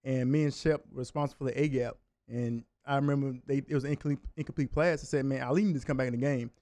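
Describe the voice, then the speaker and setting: Guesting on a sports talk show in a radio studio, a former college linebacker laughs while racing through his stories. His mid-range voice is a little mellow with fairly even intonation, and there is no room sound.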